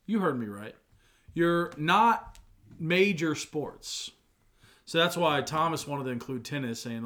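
Man, podcast co-host, fairly high voice, bright and forceful tone, casual chat, argumentative. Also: slow. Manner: animated, argumentative, bursts into loud protests.

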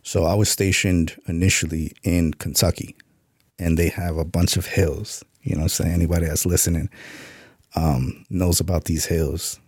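On a podcast, an author and Army veteran tells a story in a laid-back way, swearing casually and saying "you know what I'm saying" a lot. His low, darkish voice is level and breathy-edged at normal speed. The recording is dry and studio quality.

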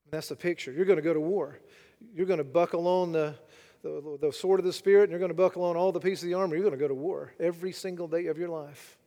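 A man preaching a sermon, dramatic and rhetorical, swinging between loud declarations and hushed asides. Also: fairly high pitch, fairly even intonation, fast talker, big-room sound. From United States. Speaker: pastor.

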